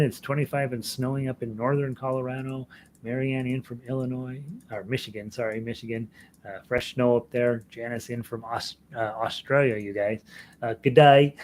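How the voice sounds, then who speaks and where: A man's voice: mid-range voice, a little mellow. Chatty middle-aged male ukulele teacher. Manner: rambling, chatty, frequent fillers and restarts, laughs often. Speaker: ukulele teacher hosting an online class. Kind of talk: casual live-stream chat reading viewer comments.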